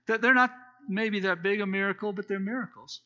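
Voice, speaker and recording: A man with a high voice, fairly even intonation and a bright, forceful tone talks a little fast. As a preacher leading a Bible study, he retells scripture in a loose, explanatory sermon with fillers and restarts, recorded in dull lo-fi.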